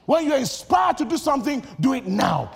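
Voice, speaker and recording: Animated preaching man, high and lively. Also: moderate pace, gravelly, a little hiss or hum. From Nigeria. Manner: shouts and repeats phrases with rising intensity; tells personal stories in a lively, animated way. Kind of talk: sermon.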